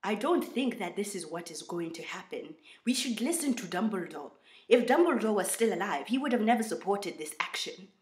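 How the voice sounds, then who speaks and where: A woman voicing a stern, steady male wizard with a British meets African accent, speaking firmly. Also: medium pitch, moderate pace, natural voice. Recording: roomy echo.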